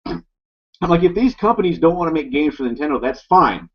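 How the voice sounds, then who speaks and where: Husky man complaining on a podcast. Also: a little high, fast talker. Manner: exasperated complaining. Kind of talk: casual podcast chat. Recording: muffled lo-fi audio.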